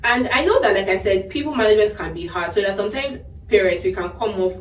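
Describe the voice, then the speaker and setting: A woman with a medium-pitched voice talks fast as she hosts a podcast, offering earnest advice to parents in a casual chat and laughing often. The mic is at a distance in an echoey room.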